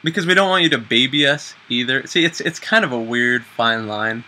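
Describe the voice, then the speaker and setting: A young man talks casually in a very bright, sharp voice. He keeps joking at his own expense and acts out small scenes as he goes. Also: mid-range voice, brisk, poor audio. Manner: joking, self-mocking, acts out little scenes. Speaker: video host. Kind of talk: casual chat.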